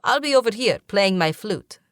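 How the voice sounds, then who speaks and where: Woman reads a courteous young male traveler in a storybook, gentle, a bit lifted, dry close sound. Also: mid-range voice, animated, moderate pace, no room sound, natural voice. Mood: polite. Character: calm, helpful young man, a flute player.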